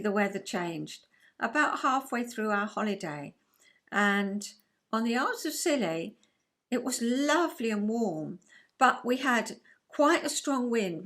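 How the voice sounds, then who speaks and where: An older Englishwoman vlogs casually to camera, chatting in a rambling, enthusiastic way and laughing now and then. Her voice sits on the high side with a fairly bright tone.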